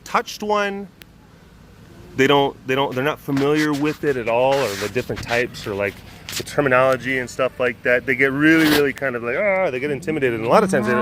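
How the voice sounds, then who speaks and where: A man vlogging outdoors by animal enclosures, telling stories with a laugh and then talking softly to calm a big cat. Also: mid-range voice, background noise. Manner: rambling, laughing storyteller who shifts to hushed coaxing talk with a big cat. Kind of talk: casual vlog chat.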